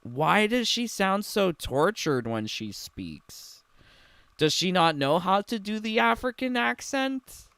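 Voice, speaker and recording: A man's voice: high voice, big pitch swings, slow pace, bright, forceful tone, slight background noise. A young man giving casual, sarcastic reaction commentary on a game trailer, laughing often and filling his talk with "like". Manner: sarcastic, giggly, filler-heavy.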